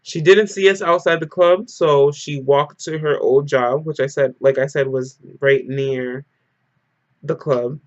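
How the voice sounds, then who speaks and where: With a slightly high, steady voice, a vlogger unhurriedly tells an emotional story straight to camera, saying "like" constantly in his casual storytime vlog. The recording is dull, lo-fi and dry, with no echo.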